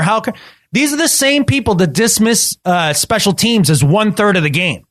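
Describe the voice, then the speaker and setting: A man co-hosting a casual sports podcast, talking emphatically and repeating himself when excited. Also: high voice, moderate pace, dry recording, clean studio sound. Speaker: podcast co-host.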